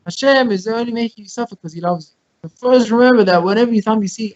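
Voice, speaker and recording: A man teaching a Torah class over a video call, explaining with everyday examples and quoting Hebrew texts quickly. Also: high voice, dry recording. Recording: muffled, dry video call audio.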